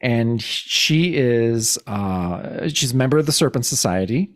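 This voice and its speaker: A man's voice: mid-range voice, lively intonation, measured pace, dry recording. A man guest on a podcast, recapping a comic in casual chat, laughing often and restarting his sentences.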